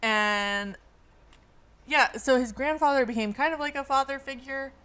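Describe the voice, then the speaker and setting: A young woman co-hosting a podcast in casual chat, chatty and quick to laugh. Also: high voice, bright, forceful tone, clear, resonant tone. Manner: chatty, laughs often, says "like" a lot. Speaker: podcast co-host.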